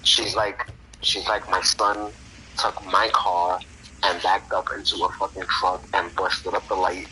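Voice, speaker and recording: Lower-voiced man telling profane stories. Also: level tone, a little slow, sharp tone. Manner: profane, laughing anecdotes with slang. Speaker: podcast host. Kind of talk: casual storytelling chat. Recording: noisy background.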